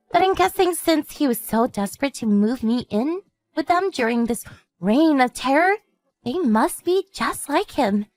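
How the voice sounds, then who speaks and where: Woman voicing a composed, high-voiced older sister. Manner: measured, explanatory storytelling. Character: calm woman warning her sister about a stalker ex. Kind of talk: animated story narration.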